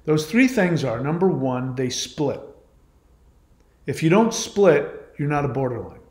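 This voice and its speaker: A man's voice: fairly high pitch, very animated, a little slow, darkish tone. Emphatic man in an echoey room. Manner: emphatic, argumentative, repeats points. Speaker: channel host. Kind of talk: monologue responding to a viewer comment.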